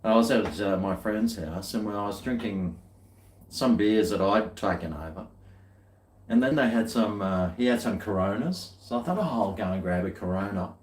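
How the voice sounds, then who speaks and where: Man, low voice, rambling casual vlog chat, chuckling asides. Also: animated, normal speed, darkish tone. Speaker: vlogger. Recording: echoey room.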